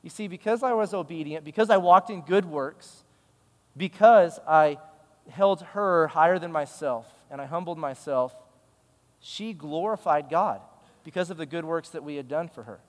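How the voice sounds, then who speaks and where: A man's voice: a little high, normal speed, big-room sound. A male pastor giving a sermon, telling a story in a conversational, emphatic way.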